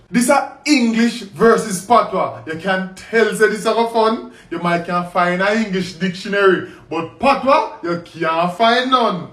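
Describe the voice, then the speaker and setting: A Jamaican man with a strikingly high voice delivers a playful, rhyming explainer. He sounds distant from the mic, and the room around him is echoey. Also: fairly bright tone. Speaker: presenter.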